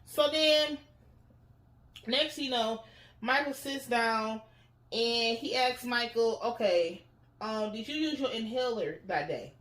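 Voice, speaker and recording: A woman recaps a TV episode in loose, profane chat. She talks a little high and jumps into voices for the characters. The room around her has a noticeable echo. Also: slow pace. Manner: animated storytelling, acts out characters in voices. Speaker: TV recap host. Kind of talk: casual profane show recap.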